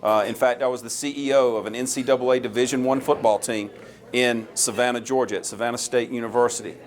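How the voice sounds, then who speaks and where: A man in his forties speaks with a Southern American drawl. He gives a campaign stump speech in a folksy, storytelling way, pitched in a plain middle register. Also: fairly even intonation, quick pace. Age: 40s. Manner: folksy, earnest storytelling with a crowd-rousing push. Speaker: presidential candidate.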